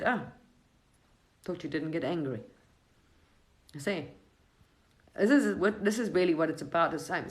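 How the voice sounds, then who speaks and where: A middle-aged woman chats casually on a live stream, offering gentle spiritual advice in a rambling, restarting way. Her voice sits a little low. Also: rough recording. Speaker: livestream host.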